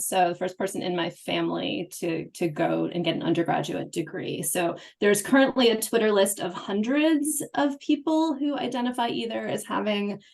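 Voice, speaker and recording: A woman's voice: mid-range voice, vocal fry. A middle-aged woman, a professor on a webinar panel, speaking earnestly and conversationally over a video call.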